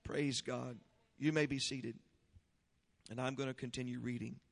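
A man preaching a sermon, leading prayer and praise with fervor, then reading scripture slowly and explaining it. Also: medium pitch, fairly even intonation, gravelly, long reverb tail. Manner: fervent, shouting praise then slow deliberate teaching. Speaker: pastor.

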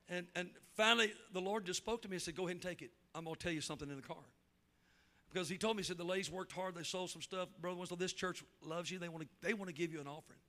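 A traveling preacher, a man, telling a folksy story in a sermon and acting out the voices in it. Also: high-pitched. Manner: folksy, animated storytelling with acted quotes.

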